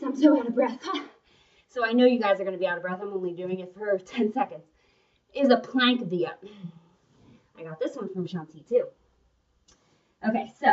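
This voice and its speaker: A woman's voice: medium pitch, a little mellow. Chatty woman fitness instructor, distant sound. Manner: chatty, encouraging, breaks off with laughs. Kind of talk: workout instruction video. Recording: muffled, from away from the mic.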